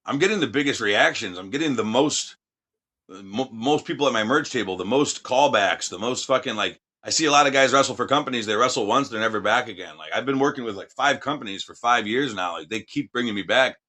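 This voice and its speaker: A man's voice: medium pitch, expressive, a little fast, sharp tone. A man, a wrestler, chatting casually with a lot of swearing, rambling and acting out quotes. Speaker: professional wrestler guest. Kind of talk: casual profane chat.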